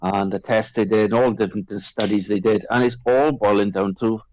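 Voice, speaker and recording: Guy musing in casual chat, lowish voice, dry sound. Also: fairly even intonation, moderate pace, darkish tone, no echo, rough recording. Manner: reflective, uses boxing comparisons.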